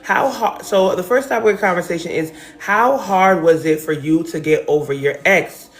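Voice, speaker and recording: A woman's voice: fairly low pitch, normal speed. A woman from New Jersey hosting a casual live stream from home, talking emotionally and directly to her viewers. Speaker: livestream host. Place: at home, decorated with balloons and pictures.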